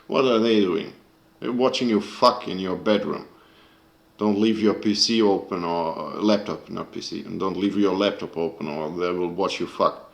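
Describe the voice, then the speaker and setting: Deep-voiced man ranting angrily, echoey room. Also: moderate pace, gravelly. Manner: angry, profane, searching for words. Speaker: video creator. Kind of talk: casual rant to camera.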